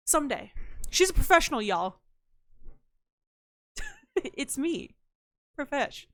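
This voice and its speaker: A woman's voice: high-pitched, very animated, takes it slowly, long pauses, dry recording. A young woman streaming a game, chatting casually with her viewers in a playful, profane and self-mocking way. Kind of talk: casual live-stream chat, reading out chat messages.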